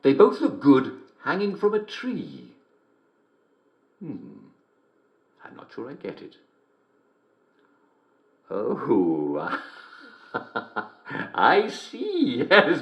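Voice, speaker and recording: An actor playing a gleeful, smugly cruel middle-aged English television host in a video game, who giggles constantly between lines. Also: male voice, a little high, huge pitch swings, very slow, long pauses, dull audio, heavily acted. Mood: jovial, mocking. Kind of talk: video game character performance. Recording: roomy echo.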